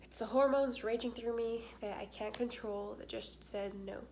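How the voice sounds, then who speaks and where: A young woman talks casually to her camera, candid and chatty, her sentences full of filler words. Her voice sits a little high, with a faint background hiss behind her. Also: fairly even intonation, normal speed. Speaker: vlogger.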